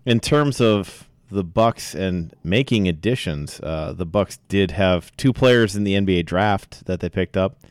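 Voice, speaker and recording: A lower-voiced man co-hosting a sports podcast in a loose, joking way, laughing easily between points. The sound is dry and close, with no room around him. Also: measured pace, few pauses, clear, resonant tone, dry recording. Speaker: podcast co-host. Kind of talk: casual sports chat.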